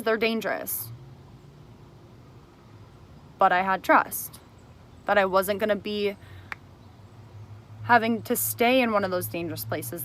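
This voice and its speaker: A young woman speaking straight to the camera, angrily accusing someone and then explaining her side of events. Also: mid-range voice. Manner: angry, accusing and confrontational at first, then calmer explaining. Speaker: speaker recounting a personal grievance. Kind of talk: emotional direct-to-camera testimony.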